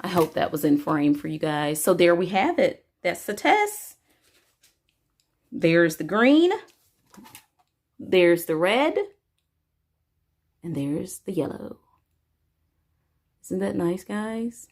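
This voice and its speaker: A woman's voice: on the low side, very animated, slow pace, pauses often, darkish tone. A woman hosting a casual coloring tutorial, chatting to her viewers while she works and stretching out her words.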